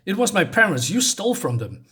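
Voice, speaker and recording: Man doing a grieving young boy, high-pitched, pleading, tearful comic-book kid. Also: very animated, brisk, full character voice. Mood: upset. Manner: pleading, rising to shouting.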